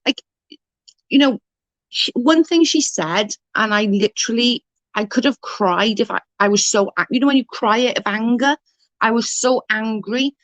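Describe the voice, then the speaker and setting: A woman's voice: on the high side, normal speed, no echo. A woman ranting in outrage on a live stream, answering chat as she goes.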